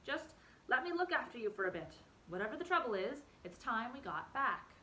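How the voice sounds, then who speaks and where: Calm caring boy rabbit, firm and reassuring, bright voice, a woman reading it. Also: on the high side, brisk, a little hiss or hum, rough recording. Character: steady young male rabbit, caring and firm.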